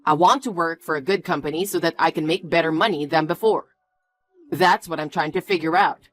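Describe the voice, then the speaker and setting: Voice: medium pitch, brisk, a bit bright, faint music behind, lightly acted. A voice actor playing a stubborn, defensive young man in scripted story dialogue, blunt and bossy. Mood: angry.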